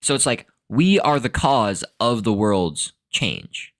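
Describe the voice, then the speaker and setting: A man's voice: on the low side, big pitch swings, slow pace. A young man giving a casual, rambling solo talk as a podcast host, full of fillers, restarts and laughs. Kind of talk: casual monologue on language and philosophy.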